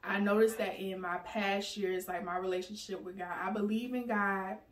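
A woman talking casually and candidly in a personal vlog, laughing often and pausing with "um"s. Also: mid-range voice, steady tone, recorded from a distance. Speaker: vlogger. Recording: roomy sound, mic set back from her.

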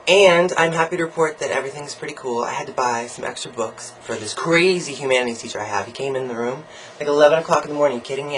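A young man recording a casual video diary, ranting about college in a campy, sarcastic and profane way, swinging his pitch and volume up and down as he jokes. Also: noisy background. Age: young adult. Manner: sarcastic, jokey asides. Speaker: college student vlogger.

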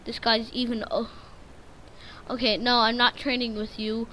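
A woman's voice: a little high, flat delivery, unhurried, pauses often, bright, forceful tone. Jittery woman narrating a spooky game. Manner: jittery, repeats words in nervous strings; breaks into sudden frightened shrieks. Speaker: gaming channel host. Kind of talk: live gameplay commentary.

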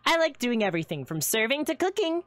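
Fast-talking and very animated, this woman's voice sits on the high side, with no room sound. In a live roleplay she portrays a cheerful, giggly young woman who runs a seafood restaurant with a quirky, playful streak.

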